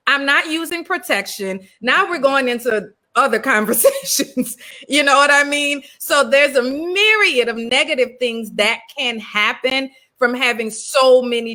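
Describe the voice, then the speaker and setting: A woman hosting a panel talk, speaking loudly and emphatically and laughing often. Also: high-pitched. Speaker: host. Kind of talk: panel discussion.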